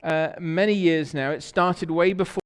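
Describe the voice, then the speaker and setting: A man's voice: on the high side, moderate pace, smooth. A man with an English accent preaching a sermon in a church, telling stories in a conversational way and asking the congregation questions. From England. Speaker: pastor. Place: church sanctuary. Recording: long church reverb.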